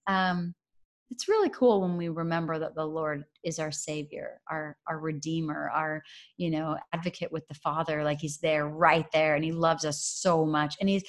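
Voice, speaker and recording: A woman in her thirties in a casual faith chat, telling a story in a chatty, animated way with lots of fillers. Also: low voice.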